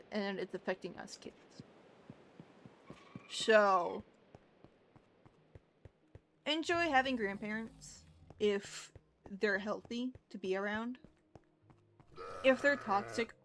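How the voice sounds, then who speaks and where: A woman's voice: medium pitch, a bit bright, a little hiss or hum. A young woman livestreamer talking candidly in casual chat, rambling with frequent restarts.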